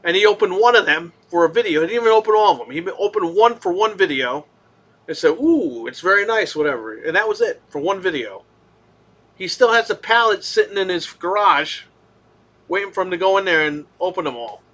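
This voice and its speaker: A man hosts a live gaming stream in a high, bright voice. He rants with heavy swearing and heat. He swings from low grumbling to loud outbursts. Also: animated, brisk. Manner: profane, heated ranting. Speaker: gaming podcast host.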